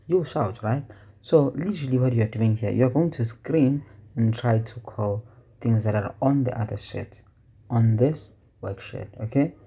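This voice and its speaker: A man teaching spreadsheet formulas in a casual tutorial, talking things through out loud and asking himself questions. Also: mid-range voice, gravelly, breathy edge. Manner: conversational, asks questions and answers them himself; thinks aloud with fillers and self-corrections. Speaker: Excel tutor. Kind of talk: casual screen-recorded tutorial.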